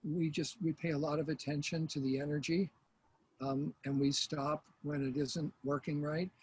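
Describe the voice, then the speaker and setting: Older man, mediator guest, husky, fairly high voice, thoughtful, measured. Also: steady tone, rough recording. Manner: thoughtful, measured, with frequent fillers. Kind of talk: conversational interview.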